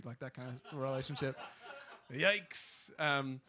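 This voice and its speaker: A man's voice: mid-range voice, steady tone, slow, sharp tone, slight background noise. A young Australian man from Queensland telling a rambling, self-deprecating stand-up story with lots of fillers. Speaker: stand-up comedian.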